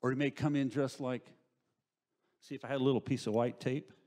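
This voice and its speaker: A middle-aged male pastor delivers a sermon in a church sanctuary. His voice sits at an average pitch. He peppers the talk with rhetorical questions and swings between ringing emphasis and near-hushed asides. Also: fairly even intonation, fairly quick.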